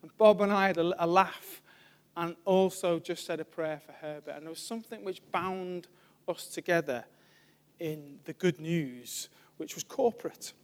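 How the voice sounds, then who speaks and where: A man, a church evangelist giving an informal sermon, telling stories in a chatty way and trailing off softly. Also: fairly high pitch, moderate pace. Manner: chatty storytelling, laughs often, trails off softly.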